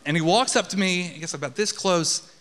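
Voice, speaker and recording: A man with a high voice tells a story live on a theater stage, casual and full of swearing. His voice rings out with the long reverb of the theater hall. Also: fairly quick, a bit bright. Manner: casual, profane, conversational.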